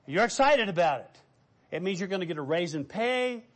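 Pastor preaching with animated storytelling. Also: male voice, high voice, fairly quick. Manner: animated storytelling, acting out quoted voices. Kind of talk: sermon.

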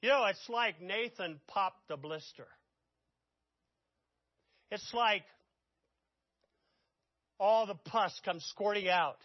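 High-voiced dramatic male preacher. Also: slow pace, long pauses, no room sound, dull audio. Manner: dramatic storytelling, swinging from loud outbursts to hushed asides. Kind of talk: sermon.

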